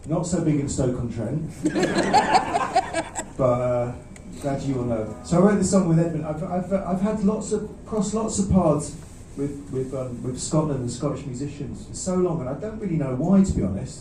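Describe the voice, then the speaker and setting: A man's voice: a little high, expressive, mellow, slight background noise. Man chatting from a live stage. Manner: self-deprecating, halting, many restarts and laughs. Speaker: singer-songwriter performing live. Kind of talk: rambling between-song stage banter. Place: small live music venue. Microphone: stage vocal mic. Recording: roomy, distant audience recording.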